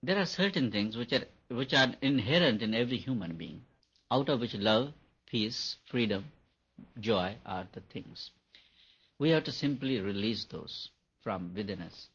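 A man giving a gentle, repetitive spiritual talk on meditation to an audience. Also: mid-range voice, animated, a little slow, breathy edge. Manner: gentle, repetitive, chuckles often. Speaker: meditation teacher. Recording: dull lo-fi recording.

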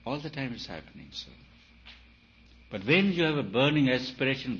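A man giving a spiritual talk, emphatic and repetitive, his voice swelling and dropping in loudness. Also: medium pitch, big pitch swings, normal speed, pauses often. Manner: emphatic, repeats phrases, rises and falls in loudness. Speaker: spiritual teacher. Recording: dull lo-fi recording with faint hiss.

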